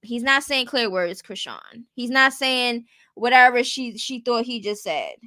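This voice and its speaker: Slightly high and expressive, she speaks a little slowly with few pauses, her tone pushed and bright, in a dry recording. This casual commentary host is blunt and rhetorical, constantly checking with viewers: "you get what I'm saying".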